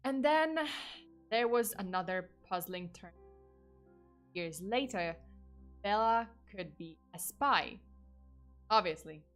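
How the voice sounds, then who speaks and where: A woman's voice: mid-range voice, animated, slow pace, pauses often, faint music behind. A woman streamer telling a true crime story in a casual, rambling way, with lots of fillers and restarts and the odd swear word.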